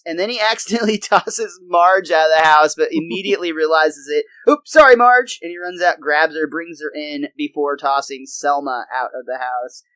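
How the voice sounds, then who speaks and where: A young man with a fairly high voice recaps a cartoon episode for a podcast, chatty and enthusiastic. The sound is dry and close, with no room behind him. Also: bright, forceful tone, no room sound, poor audio. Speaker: podcast co-host.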